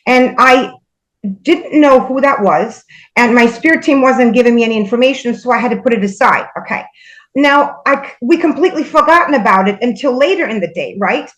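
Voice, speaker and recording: A woman guest shares her experiences in an unhurried, halting way, often pausing with fillers. Her voice sits slightly above average in pitch. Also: expressive, fairly bright tone, low-quality recording. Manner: hesitant, many fillers, measured pauses. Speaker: guest spiritual medium. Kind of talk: casual conversational storytelling.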